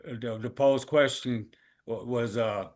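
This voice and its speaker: A man's voice: mid-range voice, steady tone, takes it slowly. Easygoing host, a man with a mid-range voice who lines up the next clip. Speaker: host running a reaction show. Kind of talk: casual reaction chat.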